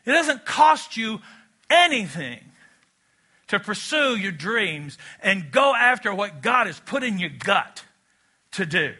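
A man's voice: high voice, sing-song, takes it slowly, pushed and bright, husky. A man preaching a sermon in a church, talking conversationally and drawing the congregation into call-and-response. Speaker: pastor. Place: church auditorium.

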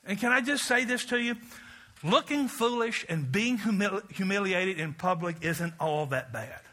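High, bright preacher man, animated. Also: normal speed. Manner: animated storytelling with acted-out voices and shouts; builds to loud shouts, drops to quiet asides. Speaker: pastor. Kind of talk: sermon.

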